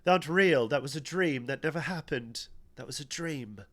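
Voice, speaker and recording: A man's voice: a little high, normal speed, fairly bright tone. Man doing a panicked, pleading man. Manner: pleading, desperate. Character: panicked frightened man, fleeing in terror.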